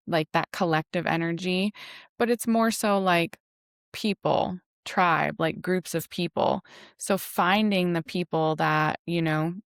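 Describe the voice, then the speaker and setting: Gravelly, smooth-voiced woman astrologer. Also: fairly low pitch, no room sound, studio quality. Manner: flowing, reflective, many fillers like "you know" and "right". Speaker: astrologer guest. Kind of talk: casual podcast conversation.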